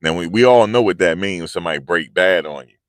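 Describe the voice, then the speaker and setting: A man's voice: low-pitched, fast talker, no room sound. A man hosting a casual commentary video, talking in a loose, slangy, repetitive way. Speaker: commentary channel host.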